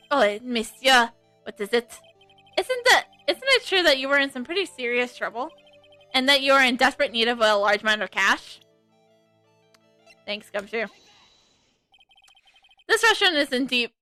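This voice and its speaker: A woman streamer reading a game aloud in an earnest, quick way with frequent self-corrections. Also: high-pitched, pushed and bright, no room sound.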